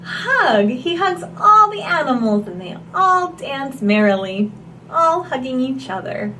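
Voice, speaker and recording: In an unhurried, sing-song voice that sits high and has a sharp tone, a woman reads a picture book to small children. As a storyteller for babies and toddlers she gasps, overplays her delivery and coaxes the child with questions, while a little hiss or hum runs through the audio.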